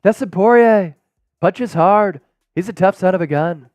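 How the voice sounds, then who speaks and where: A man putting on a gruff, exaggerated celebrity impression for a live stream. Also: high voice, measured pace, a little mellow, no echo, clean studio sound, faint music behind. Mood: boastful. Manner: exaggerated impersonation voice. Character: gruff male celebrity impersonation, boastful.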